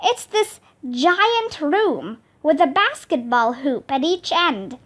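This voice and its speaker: A woman reading a children's chapter book aloud with an expressive, animated delivery. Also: high voice, slow pace. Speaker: storybook reader. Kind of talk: children's storybook read-aloud.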